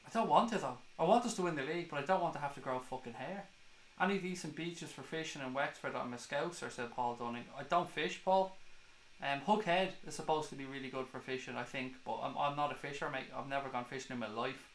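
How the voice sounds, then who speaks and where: Man, stream host, chatty and sweary, slightly high voice, roomy echo. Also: fairly bright tone. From Ireland. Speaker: football fan stream host. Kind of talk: casual live-stream chat reading comments.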